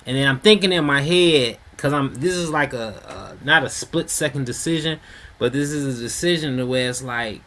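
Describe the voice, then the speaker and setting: Guy with a bright edgy voice, rambling storytime, lots of "you know what i'm saying". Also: medium pitch, moderate pace. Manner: rambling, conversational, frequent fillers and slang. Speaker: storyteller host. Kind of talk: casual street storytelling. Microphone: home mic.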